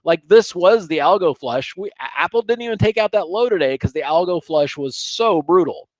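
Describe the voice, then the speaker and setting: A middle-aged man teaching trading over charts in a casual, animated way, often checking in with "okay?". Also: sits high, moderate pace, dry recording. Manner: animated, chatty, sprinkles "okay?" and asides. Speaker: trading educator.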